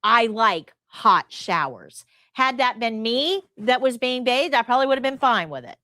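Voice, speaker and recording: A middle-aged woman teaching a live nursing class, telling stories in an emphatic, lively way. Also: high voice, fairly quick, dry recording, studio quality. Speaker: nursing instructor.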